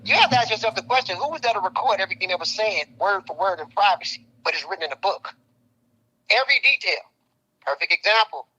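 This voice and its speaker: Bright husky man posing rhetorical questions. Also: sits high, lively intonation, quick pace, low-quality recording. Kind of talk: casual discussion.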